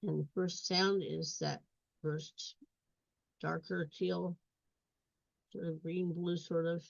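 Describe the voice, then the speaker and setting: A woman's voice: on the low side, flat delivery, takes it slowly, vocal fry, no echo. A woman tutoring reading in a step-by-step walkthrough, repeating sounds and words. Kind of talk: instructional screen walkthrough. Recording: dull lo-fi recording.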